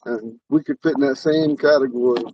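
A man's voice: mid-range voice, steady tone, a little fast. Guy with a lisp talking in his car, kinda far from the phone, muffled sound. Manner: rambling, earnest and spiritual. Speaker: Ponca language teacher. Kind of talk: casual talk while driving. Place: inside a car on the road.

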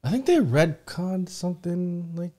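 A man's voice: high-pitched, animated, a little slow, dark tone. A man co-hosting a movie reaction, chatting casually and laughing as he explains things loosely. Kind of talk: casual chat.

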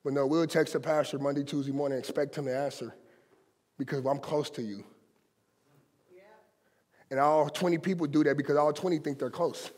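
High-voiced male pastor preaching in a reverberant sanctuary. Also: steady tone, moderate pace, pauses often, darkish tone. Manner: impassioned, conversational preaching with colloquial asides. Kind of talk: sermon. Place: church sanctuary.

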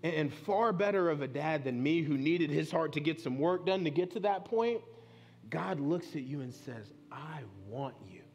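A man in his thirties preaches a sermon in a church sanctuary, speaking earnestly and conversationally as he weaves in personal stories. His voice sits a little high and is expressive, with a moderate pace and a darkish tone.

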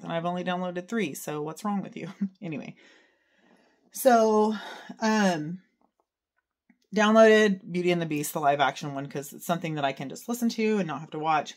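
A woman's voice: lowish voice, a little mellow. A woman, vlogging casually at home while she sews, chatty and rambling with self-deprecating asides. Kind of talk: casual chat. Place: at home sewing.

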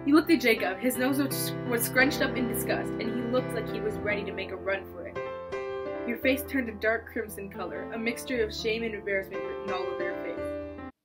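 A woman's voice: medium pitch, steady tone, fairly quick. Young female YouTuber, dramatic and shrieky, reads fan fiction over background music. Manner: dramatic, shrieking and laughing in disbelief. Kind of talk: reading fan fiction aloud with reactions.

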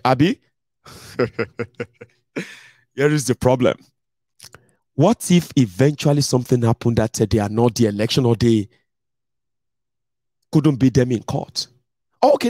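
A young adult man with a Nigerian accent delivers blunt, mocking political commentary to his viewers in a casual monologue, sometimes mimicking others in a raised voice. His voice is mid-range with a darkish tone, recorded at studio quality with no echo.

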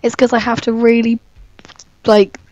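A woman co-hosting a comedy podcast with a hoarse, gruff voice, crude and giggly, pronouncing every word with care. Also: fairly high pitch, flat delivery, moderate pace, a little mellow, dry recording, lo-fi sound. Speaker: podcast co-host. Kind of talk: casual chat and mock-sultry reading.

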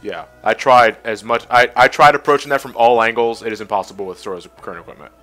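A man co-commenting a let's play, animated and sarcastic, laughing often. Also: medium pitch, quick pace, faint music behind. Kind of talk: casual gaming commentary.

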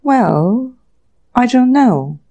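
An irritable young male author, read by a woman in an audiobook mutters to himself in brisk, exasperated bursts. The voice stays close to the reader's own, warm and mellow in tone, and only lightly shaded for the character. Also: medium pitch, expressive, muffled recording, close to an everyday voice. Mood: bewildered, exasperated.

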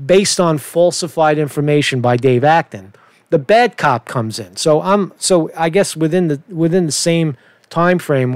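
A man's voice: a little high, dry recording. A middle-aged man with a Brooklyn accent, ranting profanely in a rambling commentary and often asking "right?". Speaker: online commentator.

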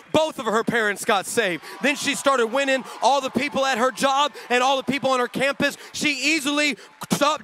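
A male pastor preaching a sermon, telling stories with lively energy, acting out the people in them, and bursting into shouts. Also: very high voice, slight background noise. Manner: acts out the people in his stories.

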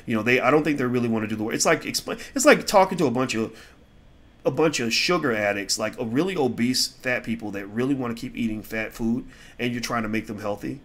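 A middle-aged man giving casual opinion commentary, answering viewer questions in a blunt, heated way that swings between loud outbursts and low mutters. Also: quick pace.

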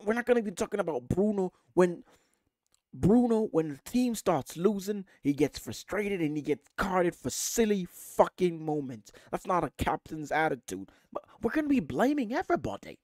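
A man's voice: high-pitched, moderate pace, no echo, clean studio sound. A man hosting a football fan channel, delivering an angry, profane rant straight to camera. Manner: furious, profane, animated ranting.

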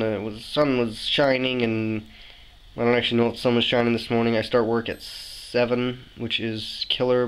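A young man from Canada, telling a story to his camera indoors in an animated, exasperated way. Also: medium pitch, slight background noise, low-quality recording. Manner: animated, ranting, exasperated asides. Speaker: vlogger. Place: indoors, room with a window. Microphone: camera mic, talking to camera.

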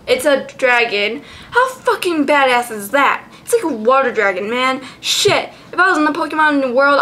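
A woman vlogger chatting casually, giggly and excitable, swearing freely as she goes. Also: high-pitched. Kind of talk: casual chat.

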